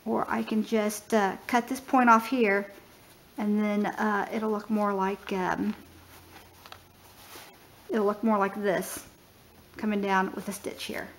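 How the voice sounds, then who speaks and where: A woman's voice: medium pitch, flat delivery, slow pace, long pauses, slight background noise. Chatty woman touring her remodel. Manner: chatty, thinking aloud with fillers. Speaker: homesteading vlogger. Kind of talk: casual home tour narration. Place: house under remodel, indoors.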